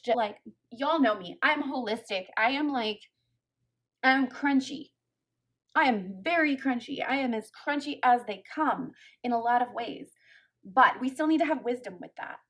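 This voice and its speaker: Fired-up woman lactation consultant, slightly high voice. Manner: fired-up, emphatic, folksy. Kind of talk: opinionated commentary to camera.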